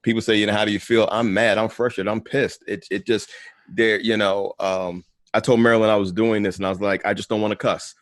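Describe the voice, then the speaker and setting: A man who is a pastor, speaking in a measured, emphatic way in an earnest conversation and often repeating words. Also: fairly low pitch, flat delivery, no echo, studio quality.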